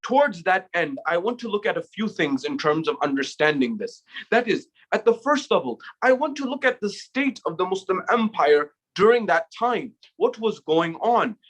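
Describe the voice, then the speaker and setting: A man giving a measured sermon, opening with Arabic recitation and posing rhetorical questions to the audience. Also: high-pitched, very animated, a bit bright. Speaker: speaker at an Islamic center.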